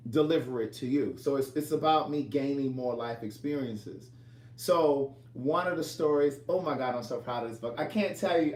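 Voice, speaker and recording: An author and vlogger tells a rambling story to camera in an echoey room, repeating and restarting phrases. His mid-range voice is picked up by a distant mic.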